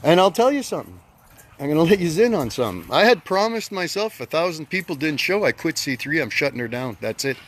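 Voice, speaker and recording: An angry man in his fifties, speaking in a fairly high voice. He delivers a blunt, emphatic rant to his followers and hammers his points home by repeating them. Faint noise sits under his voice. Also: big pitch swings, fairly quick. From Canada. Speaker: group leader addressing followers. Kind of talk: self-recorded social media rant.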